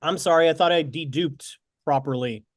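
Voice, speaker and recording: A man's voice: a little high, normal speed, no echo, clean studio sound. A man helping run a committee meeting, speaking hesitantly and apologizing often. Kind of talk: running a meeting.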